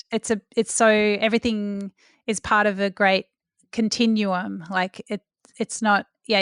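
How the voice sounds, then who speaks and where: A woman's voice: mid-range voice, a bit bright, smooth, no room sound, studio quality. A woman hosting a food podcast, speaking in an enthusiastic, effusive way. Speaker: podcast host. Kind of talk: interview and scripted outro.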